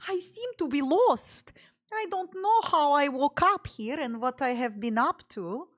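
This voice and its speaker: A woman's voice: sits high, animated, a little slow, pitched above the performer's own voice. A woman jokingly mimicking a lost ghost woman, theatrical and over the top. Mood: mock lost. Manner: exaggerated, theatrical, mocking. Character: mock lost ghost woman with heavy accent.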